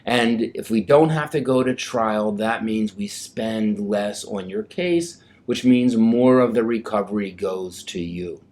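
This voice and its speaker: A man's voice: on the low side, darkish tone. A male lawyer explaining mediation to clients in a conversational, plain-spoken way. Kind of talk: explaining legal process.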